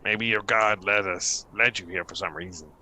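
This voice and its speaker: A man's voice: deep voice, steady tone, moderate pace, pushed and bright, slight background noise. A man voicing a sarcastic male rock gnome lodger with a slangy, brash way of talking. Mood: scoffing.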